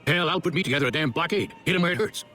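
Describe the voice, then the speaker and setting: An actor playing a gruff, folksy business owner and worried father who speaks bluntly, in a game. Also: on the high side, very fast, bright, forceful tone, soft background music. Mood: angry. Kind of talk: video game voice acting.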